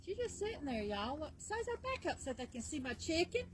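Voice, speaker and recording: A woman's voice: high voice, big pitch swings, fairly quick, poor audio. A woman filming her backyard chickens on a phone, coaxing and chuckling as she talks to her hens. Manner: doting, coaxing talk to her animals, chuckling often. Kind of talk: casual home video chat. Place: outdoors in a backyard chicken yard. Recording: outdoor recording with clear background noise.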